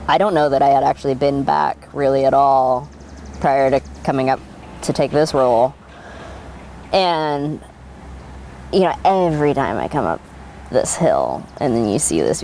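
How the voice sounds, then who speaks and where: A woman with a notably low voice recounts her story in a relaxed oral history interview. She talks animatedly, laughs often and leans on fillers. A faint hiss of noise sits under her voice. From Oregon. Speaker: winery worker being interviewed.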